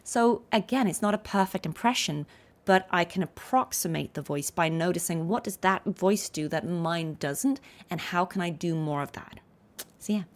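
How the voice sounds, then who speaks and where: A woman's voice: lowish voice, moderate pace. A woman streamer and voice actor chatting casually, explaining voice tricks in a chatty, self-deprecating way.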